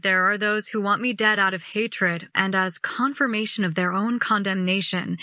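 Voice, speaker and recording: A woman's voice: mid-range voice, pushed and bright, dry recording, studio quality. A woman reading the words of a suffering, sorrowful Jesus in a tender, anguished voice. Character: suffering Jesus, grown man, sorrowful and pleading.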